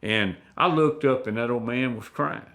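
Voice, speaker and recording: A man spins hunting yarns in an easygoing, plainspoken drawl. His voice sits in an ordinary middle pitch, and he talks the way a country storyteller would on a sit-down podcast. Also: normal speed, a bit bright. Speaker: guest, veteran turkey hunter. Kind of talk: folksy storytelling.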